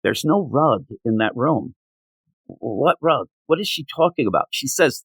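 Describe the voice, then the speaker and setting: A man's voice: medium pitch, expressive, normal speed, a bit bright, breathy edge, no echo. A man reviewing comic books in a casual spoken rant, sarcastic and exasperated.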